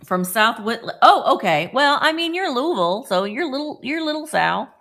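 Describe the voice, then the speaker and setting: A woman's voice: on the high side, very animated, normal speed, fairly bright tone. A middle-aged woman from Indiana hosting a casual live stream, chatting and greeting viewers by name.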